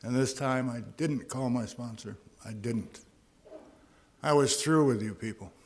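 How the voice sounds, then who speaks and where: A man's voice: mid-range voice, unhurried, darkish tone. Earnest middle-aged man telling his story. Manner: earnest storytelling with dry humor. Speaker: recovery meeting speaker. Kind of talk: personal recovery talk at a podium.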